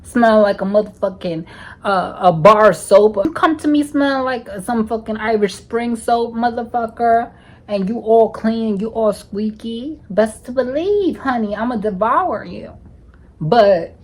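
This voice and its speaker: A woman's voice: mid-range voice, unhurried. A woman from the United States spins a raunchy storytime tale for her viewers. Her delivery is sassy and profane, with "honey" dropped into nearly every line. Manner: sassy, profane, calls listeners honey constantly. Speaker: storytime vlogger. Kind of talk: casual storytelling.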